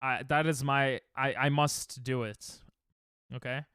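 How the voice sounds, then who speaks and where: A man's voice: medium pitch, steady tone, measured pace, a bit bright, smooth, no room sound, clean studio sound. A young man live-streaming, chatting to viewers in a rambling, self-mocking way while he plays. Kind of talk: casual live-stream chat while gaming.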